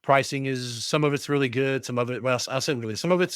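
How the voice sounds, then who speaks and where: A middle-aged man telling a story in casual chat, ranting in an animated way and acting out both sides of an argument with a shop clerk. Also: mid-range voice, fast, few pauses, no echo, studio quality. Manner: frequent restarts and fillers when worked up. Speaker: podcast co-host.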